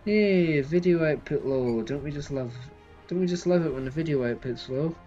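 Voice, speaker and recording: During a casual live stream of a building game, a streamer reads chat and answers viewers. The voice is mid-range and dark at normal speed, captured in lo-fi sound with soft background music.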